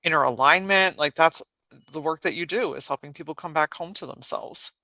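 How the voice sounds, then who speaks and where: Woman podcast host, effusive, stumbling restarts, bright tense tone, dry sound. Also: low voice, no room sound. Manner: effusive, halting, repeats words. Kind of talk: warm conversational podcast interview.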